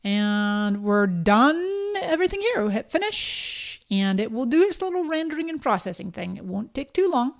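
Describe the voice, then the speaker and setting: A woman in her fifties from Canada with a Scottish accent, hosting a live-streamed software tutorial in a chatty, upbeat way and talking straight to her viewers. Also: fairly high pitch, very animated, moderate pace, creaky, few pauses. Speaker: host of a live social media training.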